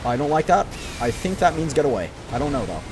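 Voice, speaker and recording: A man streaming a game live, talking excitedly to his viewers and teasing himself about his play. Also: a little high, fast, over music. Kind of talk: live gameplay commentary.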